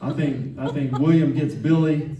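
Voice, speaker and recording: A man's voice: a little high, steady tone, moderate pace, warm tone, highs cut off, a little hiss or hum. A man in his fifties from Atlanta with a Southern accent, doing a self-deprecating, rambling stand-up set. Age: 50s. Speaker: stand-up comedian. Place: club stage with live audience. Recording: echoey room, distant mic, crowd laughter.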